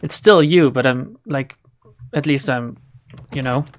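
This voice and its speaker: A woman streamer giving casual, playful commentary while playing a game, chatty and quick to swear at the characters. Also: very deep voice. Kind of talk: casual let's-play commentary.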